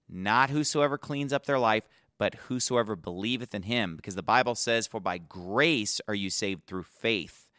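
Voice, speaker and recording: A man's voice: lowish voice, fairly bright tone, no echo, clean studio sound. A man preaching a gospel sermon, earnest and emphatic, quoting scripture as he goes.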